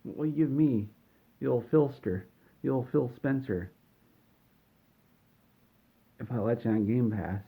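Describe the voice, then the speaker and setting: A man's voice: mid-range voice, unhurried, creaky, pauses often, breathy edge. A man voicing a smug, laid-back male game-company boss who teases and haggles. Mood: bargaining. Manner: laid-back, teasing, bargaining. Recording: tinny phone-like sound.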